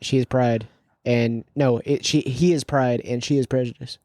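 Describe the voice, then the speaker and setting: Very low-voiced woman co-host. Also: steady tone, moderate pace, mellow, dry recording. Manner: dry, short interjections. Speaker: podcast co-host. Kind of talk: casual chat.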